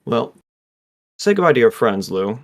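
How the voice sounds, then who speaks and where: A man's voice: mid-range voice, big pitch swings, moderate pace. A man voicing a polite, formal male dragon in human form in a tabletop game. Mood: courteous. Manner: courteous, formal.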